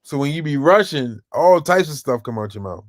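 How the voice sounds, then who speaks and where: A man's voice: a little high, lively intonation, normal speed. A man hosting a podcast, chatting casually and teasing his co-host in a laid-back way. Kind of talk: casual chat.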